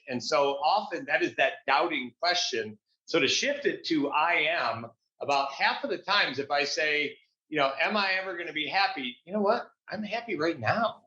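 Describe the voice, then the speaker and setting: An upbeat man talking as a guest coach in a casual interview, with a bright, forceful voice pitched a touch high. He speaks in a motivational way and often restarts phrases. The sound is dull and lo-fi, with a roomy echo around him. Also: expressive, normal speed.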